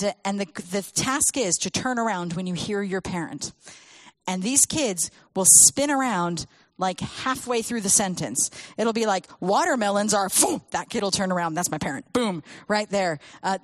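A woman speaking to a church audience about children and faith, telling stories with lively acted quotes. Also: on the low side, no room sound. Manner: animated storytelling with acted quotes.

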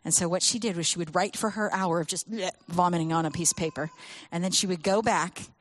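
A woman's voice: fairly low pitch, fast talker. Woman telling stories to a church crowd. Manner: animated storytelling with acted quotes. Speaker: speaker on children's ministry. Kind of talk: talk to a church audience.

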